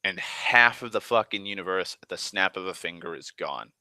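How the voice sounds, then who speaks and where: A man giving a rambling, profane recap of a film, excitable and full of restarts. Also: sits low, moderate pace, no room sound. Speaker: movie vlogger.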